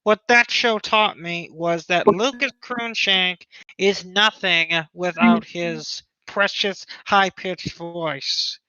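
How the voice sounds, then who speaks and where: A man's voice: sits high, steady tone, slow, bright, forceful tone, clear, resonant tone, no echo, highs cut off. A man co-hosting a podcast, chatting casually and rambling through his opinions with lots of restarts. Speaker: podcast co-host. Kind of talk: casual chat.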